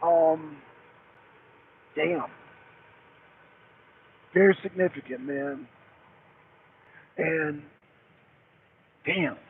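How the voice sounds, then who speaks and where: The middle-aged trucker's voice is on the high side and creaky, with drawn-out words and long pauses. He calls a talk show over a tinny, hissy line, rambling, saying the same things again, and cursing constantly.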